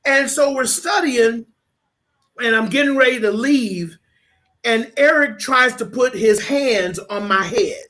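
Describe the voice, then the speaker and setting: Animated storytelling man, pastor as guest. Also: very high-pitched, takes it slowly. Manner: animated storyteller, repeats "okay?" for emphasis; switches into lively voices when quoting people. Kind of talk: conversational storytelling.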